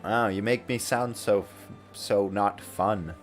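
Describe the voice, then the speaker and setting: A man's voice: fairly low pitch, steady tone, slow, faint music behind. A man streaming a game and chatting casually, laughing often and swearing now and then. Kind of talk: casual commentary while gaming.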